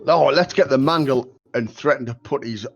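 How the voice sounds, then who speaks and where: A man's voice: mid-range voice, normal speed, vocal fry, slightly rough. Older man with blunt banter, dull lo-fi sound. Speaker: player. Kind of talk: casual tabletop play.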